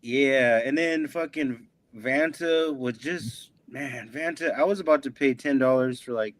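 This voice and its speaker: A man's voice: mid-range voice, measured pace, no echo. A man on a livestream panel who talks animatedly and swears a lot while telling stories. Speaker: panel guest. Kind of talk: casual livestream chat.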